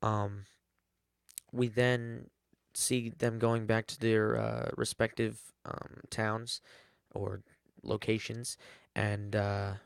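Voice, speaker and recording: A man's voice: fairly low pitch, flat delivery, slow, vocal fry, long pauses, clear, resonant tone, no echo, clean studio sound. A man giving a rambling, casual episode recap, full of fillers and self-corrections. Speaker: TV episode reviewer.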